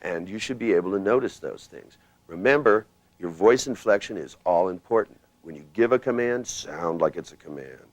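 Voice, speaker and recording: A low-pitched man teaches a live hypnosis workshop in an emphatic, commanding way, pushing his voice up and down to show how commands should sound. His delivery is blunt and casual, with the odd swear word. The sound is close and dry. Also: expressive, fairly quick, dry recording. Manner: emphatic, commanding, swings pitch and loudness to demonstrate. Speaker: hypnosis trainer.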